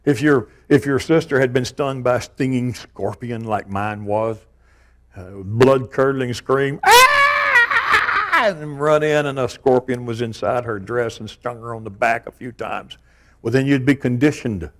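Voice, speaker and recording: An older man preaching a sermon, telling stories with animated, self-mocking humor. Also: medium pitch, moderate pace. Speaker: pastor.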